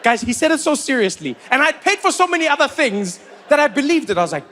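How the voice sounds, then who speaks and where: A man's voice: extremely high pitch, a little fast, slight background noise. A man telling a stand-up story, acting out each scene. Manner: animated, acts out scenes. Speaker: comedian.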